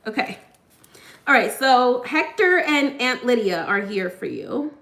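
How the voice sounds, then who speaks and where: A woman working as a psychic medium, giving a live reading in a halting, chatty way with lots of fillers and restarts as she passes on what the spirits say. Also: sits high, lively intonation, pushed and bright.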